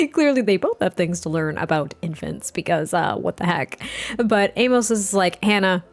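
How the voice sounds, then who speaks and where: A woman's voice: fairly low pitch, big pitch swings, measured pace, soft background music. A woman hosting a game let's play, chatting casually with frequent laughs and rambling asides. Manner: chatty, giggly, rambling with fillers.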